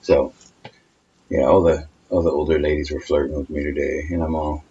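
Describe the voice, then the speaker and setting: A very low-voiced man chatting loosely on a home podcast, swearing freely and putting on voices for the people in his stories. The sound is dull and lo-fi, with a faint hiss under it. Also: little pitch movement, normal speed, dark tone. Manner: swears freely, acts out quoted voices animatedly. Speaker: podcast co-host. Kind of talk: casual chat.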